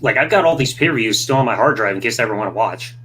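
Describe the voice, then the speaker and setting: Bright-voiced man chatting casually. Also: mid-range voice, animated, rapid-fire. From Michigan. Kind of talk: casual chat.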